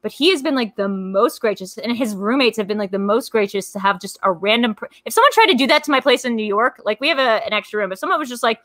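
A woman guest chatting casually, rambling and full of fillers as she tells animated stories. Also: fairly high pitch, fast talker, few pauses, dry recording. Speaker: podcast guest. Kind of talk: casual chat. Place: lives in New York.

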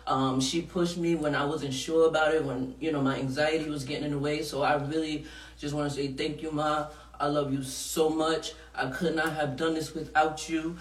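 A woman's voice: low voice, little pitch movement, moderate pace, roomy sound, recorded from a distance. A woman hosting a podcast in a studio, talking casually and frankly, laughing often and swearing freely. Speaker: podcast host.

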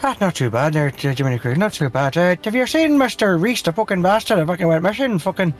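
A man's voice: sits high, sing-song, fast. A man faking a sweary Irish-Scottish brawler. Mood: grumbling. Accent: put-on Irish with Scottish phrases. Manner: sweary, bumbling. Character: grumbling male adventurer, Irish-Scottish mix.

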